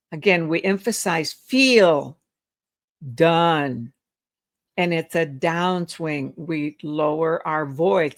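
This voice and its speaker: A woman teaching a real estate sales script, slowly acting out the agent's and the seller's lines with shifting intonation. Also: on the low side. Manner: acts out both sides of a phone call with shifting intonation; slow, deliberate delivery.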